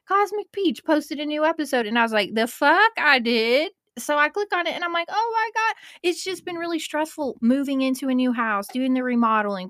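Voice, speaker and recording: A woman's voice: on the high side, a bit bright, no room sound, studio quality. A woman in her twenties hosting a podcast, chatting casually and emotionally and swearing now and then. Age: 20s. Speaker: podcast host.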